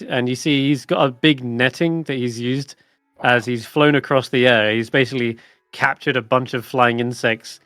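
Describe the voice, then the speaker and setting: A man's voice: mid-range voice, fairly even intonation, normal speed, a bit bright, no echo, clean studio sound, soft background music. Casual male game narrator. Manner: casual, rambling with fillers. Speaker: dungeon master.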